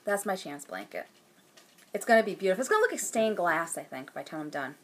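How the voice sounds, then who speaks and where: A woman's voice: mid-range voice, lively intonation, fast, slight background noise. A woman hosting her own knitting podcast at home, chatting casually to the camera in a rambling way with lots of fillers and restarts. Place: at home, indoors.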